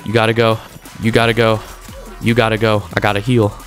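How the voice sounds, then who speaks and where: A young man giving energetic, trash-talking commentary over his own gameplay, in casual slang. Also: lowish voice, fairly quick, faint music behind. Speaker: gaming YouTuber.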